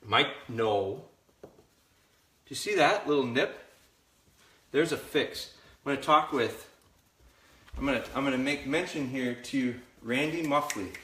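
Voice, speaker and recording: A man's voice: medium pitch, a little slow, pauses often, bright, forceful tone. A man working as a dog trainer, talking candidly to viewers during a live training demonstration in his home kitchen. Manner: candid, coaching viewers directly. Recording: echoey kitchen, faint noise.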